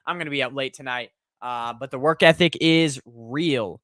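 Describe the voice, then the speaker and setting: Young man, casual rambling livestream host, bright crisp voice, dry close sound. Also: medium pitch, moderate pace, no room sound. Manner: rambling, reads live chat aloud. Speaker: sports podcast host.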